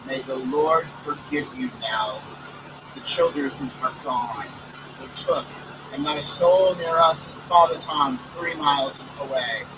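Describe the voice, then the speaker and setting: A woman's voice: low voice, unhurried, far from the mic, background noise. A man reading as a grieving Irish widow mother. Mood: despairing.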